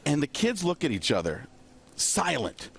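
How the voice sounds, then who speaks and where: Male comic guest, raised pitch, very lively swings, faint studio ambience behind. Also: normal speed, vocal fry, a little hiss or hum. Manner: animated, jumps into character voices. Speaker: comedian guest. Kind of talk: comic storytelling on talk radio.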